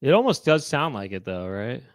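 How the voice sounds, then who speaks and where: A man's voice: big pitch swings, moderate pace, no room sound, studio quality. A middle-aged man co-hosting a casual comedic chat, rambling and breaking into impressions. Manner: rambling, launches into loud high-pitched impressions. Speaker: co-host.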